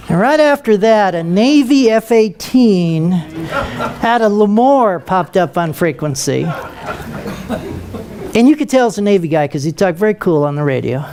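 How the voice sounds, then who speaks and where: A man's voice: high voice, moderate pace. An older man, a retired military pilot, telling a humorous story to an audience and acting out voices. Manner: lively, humorous, acts out voices.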